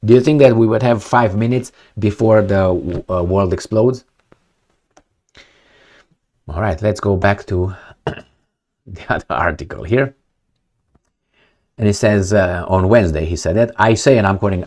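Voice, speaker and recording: A man's voice: fairly low pitch, measured pace, long pauses, darkish tone. A man giving blunt, opinionated, sometimes profane commentary on news articles, rambling with many fillers and restarts. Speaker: political commentator.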